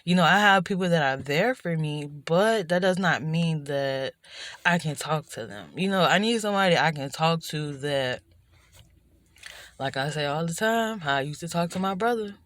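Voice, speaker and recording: A woman's voice: low voice, animated, moderate pace, fairly bright tone. A woman vlogger talking through her feelings in a rambling, introspective way, full of restarts and "you know", recorded indoors at night. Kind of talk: reflective personal vlog monologue.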